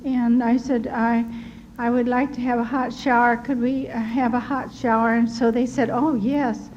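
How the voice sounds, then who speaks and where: An older American woman earnestly recounting personal wartime memories in a tender, animated storytelling manner, with a slightly dull recording and faint hiss. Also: fairly high pitch, moderate pace. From United States. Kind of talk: personal testimony.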